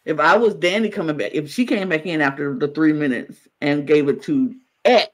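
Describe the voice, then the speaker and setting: A man co-hosting a podcast in casual chat, talking in an animated way and acting out other people's words. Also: normal speed, rough recording. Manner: animated, acts out quotes in high exaggerated voices. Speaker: podcast co-host.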